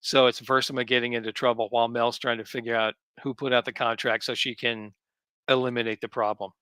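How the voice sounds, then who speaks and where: A man's voice: mid-range voice, level tone, fairly quick, bright, forceful tone, smooth, dry recording. A man, a comics writer, talking easily as a guest in a casual interview, thinking aloud as he goes. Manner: easygoing, thinks aloud with ums.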